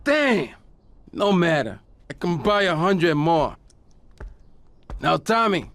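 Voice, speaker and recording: A man's voice: fairly high pitch, big pitch swings, a bit bright, exaggerated voice. An actor playing a theatrical, hot-tempered male crime boss with explosive outbursts. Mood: commanding. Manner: explosive outbursts, drawn-out speech.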